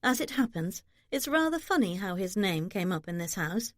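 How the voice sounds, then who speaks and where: A woman reading an audiobook, voicing a young bride who talks in a lively, teasing way. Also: mid-range voice, normal speed, no room sound, clean studio sound, close to an everyday voice. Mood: bright.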